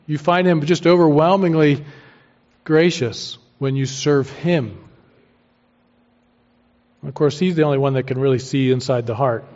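A man preaching a sermon as pastor, emphatic and using homely everyday analogies. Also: on the high side. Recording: dull lo-fi sermon recording.

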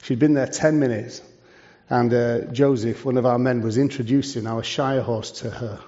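A man's voice: mid-range voice, steady tone, normal speed, warm tone. A man, a charity leader giving a preaching talk to a church, conversational and full of rhetorical questions. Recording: dull lo-fi sound.

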